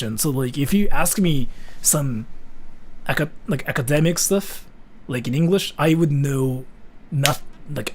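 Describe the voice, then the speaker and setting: Lively, slightly husky man from Japan. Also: on the high side. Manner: loose and rambling, many fillers, lively ups and downs. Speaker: streamer answering chat. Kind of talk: casual chat. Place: VR chat room.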